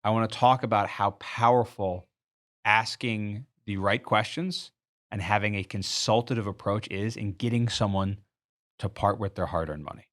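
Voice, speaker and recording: A man with a somewhat low voice delivers a sales training talk. He is earnest and instructive, building his case through a step-by-step everyday example. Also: normal speed, fairly bright tone. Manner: earnest, explains through a walked-through store example. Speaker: sales coach.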